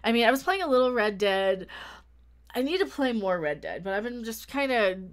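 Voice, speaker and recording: A woman's voice: on the high side, very animated, fairly quick, smooth. A woman hosting her own livestream in casual chat, talking freely with many restarts and thanking viewers by name. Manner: chatty, thanks viewers warmly, frequent restarts. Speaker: YouTube channel host.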